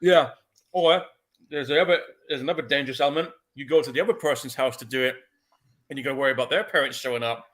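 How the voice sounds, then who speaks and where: A man co-hosting a casual movie commentary podcast, laid-back and profane, quick to laugh along. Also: medium pitch, fairly bright tone. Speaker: podcast co-host.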